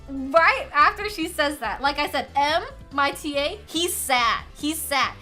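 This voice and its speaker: A bright, high-pitched young woman tells a story to her live chat, her voice swooping up and down as she laughs and swears her way through it. Faint music plays softly behind her. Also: unhurried, long pauses. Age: young adult. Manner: animated, laughs often, swears freely. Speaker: streamer. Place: home streaming setup.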